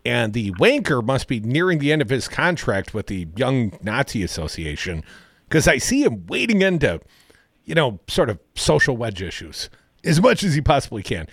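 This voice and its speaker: A man's voice: mid-range voice, very animated, moderate pace, a bit bright, no echo, studio quality. A man from Madison, Wisconsin co-hosting a casual political talk radio show, sarcastic and opinionated in a chatty way. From Madison, Wisconsin, USA.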